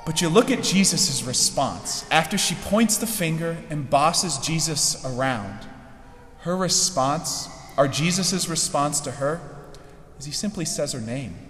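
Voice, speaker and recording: A male preacher giving a conversational sermon, often checking in with his listeners. His voice sits a little high. The recording carries the long, roomy reverb of a church hall. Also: animated, a little slow, fairly bright tone, slight background noise. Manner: conversational, keeps asking "right?".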